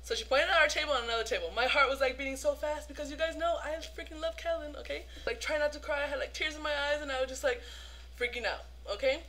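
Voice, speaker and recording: High, bright-voiced gushing young woman. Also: fast talker. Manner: gushing, full of "like" fillers. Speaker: fan vlogger. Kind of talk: excited casual storytelling.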